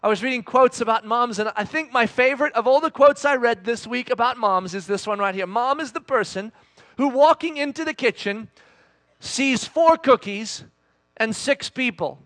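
Bright, high-voiced animated male preacher. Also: brisk, few pauses, no echo. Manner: animated storyteller, acting out voices. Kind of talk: conversational sermon with storytelling.

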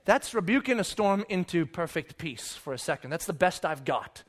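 A man preaching a sermon in a conversational way, acting out the story with sudden loud and hushed moments and often asking "right?". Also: a little high, moderate pace. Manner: animated storytelling, acts out disciples and Jesus with sudden loud and hushed voices; conversational, keeps checking with "right?". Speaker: pastor.

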